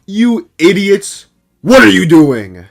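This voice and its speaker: A man voicing a frantic young man behind the wheel of a getaway car, yelling in panic. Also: high-pitched, sing-song, slow pace, gravelly, pitched above the performer's own voice, full character voice. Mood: panicked yelling.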